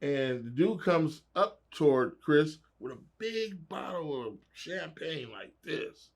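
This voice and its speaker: A man's voice: a little high, expressive, takes it slowly. A middle-aged man telling wild stories as a guest in a casual interview, laughing and acting out the voices of people he quotes.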